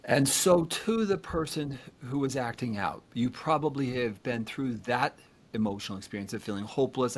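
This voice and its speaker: Speaking at a moderate pace in a mid-range voice, this man is a therapist running a relationship podcast. He explains concepts and talks straight to his audience.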